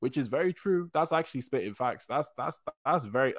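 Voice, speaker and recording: A young man hosting a casual manga reaction, excitable and slangy, often stopping to correct himself. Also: a little high, normal speed, hardly any pauses. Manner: excitable slangy chatter, frequent restarts.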